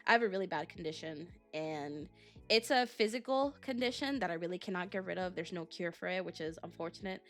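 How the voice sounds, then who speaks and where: A woman's voice: on the low side, animated, brisk, a bit bright, faint music behind. A young adult woman streaming as a VTuber, chatting casually and rambling through a story with lots of fillers.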